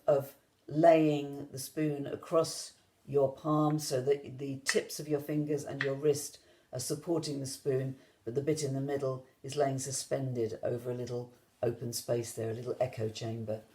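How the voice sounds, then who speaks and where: A woman's voice: a bass voice, flat delivery, moderate pace. A woman music teacher giving an online rhythm lesson, explaining patiently step by step to viewers at home. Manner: gentle, patient step-by-step instruction.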